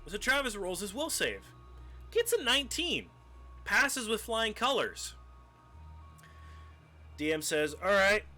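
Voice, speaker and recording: A young man streaming live, casually telling a tabletop game story, animated and profane, acting out scenes as he goes. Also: high voice, takes it slowly, long pauses. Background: faint music.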